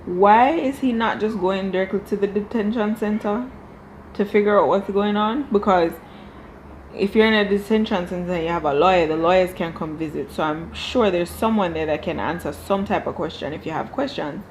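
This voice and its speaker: A woman's voice: medium pitch, normal speed, slight background noise, poor audio. A woman reviewing a reality show from home, talking casually and firing off exasperated rhetorical questions. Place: home room.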